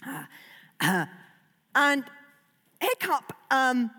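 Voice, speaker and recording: A woman's voice: high voice, very animated, very slow, bright, forceful tone. A woman children's author talking playfully to a young audience, asking them questions and reading aloud. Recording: long hall reverb.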